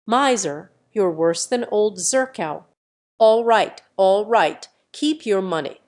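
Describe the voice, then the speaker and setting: A woman voicing a big, slow-witted husband who shouts and growls at his wife in an audiobook. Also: medium pitch, lively intonation. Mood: angry.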